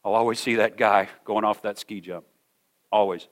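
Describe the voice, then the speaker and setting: A middle-aged man preaching a sermon to a congregation in a church hall, earnest, often repeating words and slowing down to stress a point. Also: on the low side, steady tone. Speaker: pastor.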